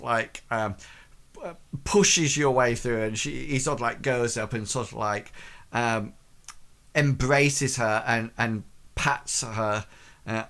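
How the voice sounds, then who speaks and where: A man narrating a tabletop game as game master, hesitant, with many pauses and restarts. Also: medium pitch, fairly bright tone.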